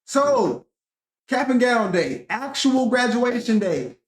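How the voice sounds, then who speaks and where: A man's voice: extremely high pitch, sing-song, slow, a little hiss or hum. A young man telling a profane, rambling story in a casual rant vlog, talking animatedly and swearing often. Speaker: vlogger. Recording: echoey room.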